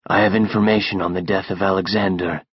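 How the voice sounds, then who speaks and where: A man's voice: low voice, quick pace, husky, dry recording, dull audio. A man voicing a curt, laconic male hired killer speaking over the phone in an audiobook. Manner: terse and flat.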